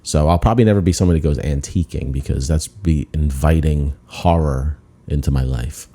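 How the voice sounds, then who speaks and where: A man's voice: rumbling low, fairly quick, warm tone. A man, a comedian hosting his own podcast, telling a rambling, self-deprecating story with lots of restarts. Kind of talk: casual storytelling monologue.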